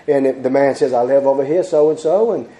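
A man's voice: medium pitch, brisk, dark tone. A man preaching a sermon, fervent and repetitive, stumbling over restarts. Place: church sanctuary. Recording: echoey church hall.

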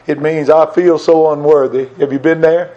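A man's voice: fairly high pitch, steady tone, normal speed, mellow. An older man preaching a sermon, earnest and emphatic, repeating phrases to drive points home, on a dull lo-fi recording.

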